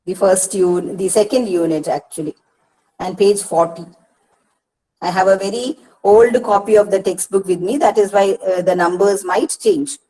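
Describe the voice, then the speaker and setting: A mellow, mid-range woman with an Indian English accent teaches at a moderate pace in an online lecture for a Kerala, India regional study centre. As a patient university counsellor, she says words repeatedly and breaks them down into syllables. The recording is rough.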